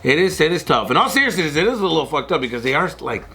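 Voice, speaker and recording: Animated, laughing man with a lively voice. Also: on the high side, very fast. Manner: animated, swears a lot, laughs often. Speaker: guest. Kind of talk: casual comedy panel chat.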